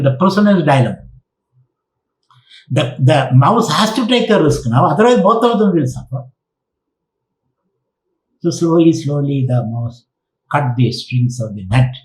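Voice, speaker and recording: A man gives a lecture, often repeating himself as he tells a fable. His voice is fairly high for a man, and it echoes around a roomy space. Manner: storytelling with Sanskrit quotes and repeated phrases. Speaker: spiritual teacher. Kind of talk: online lecture. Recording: roomy echo.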